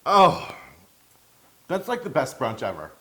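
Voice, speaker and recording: A man's voice: on the high side, huge pitch swings, takes it slowly, a bit bright. A man co-hosting a cooking video, gushing and exclaiming as he tastes, laughing often. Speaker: cooking show co-host tasting the food. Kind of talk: casual cooking chat.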